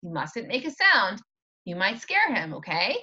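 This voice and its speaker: A woman reading aloud does a fed-up big brother from a storybook, complaining in a lively voice. The delivery is bright and sharp over a dull, lo-fi recording. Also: mid-range voice, unhurried, exaggerated voice. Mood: exasperated.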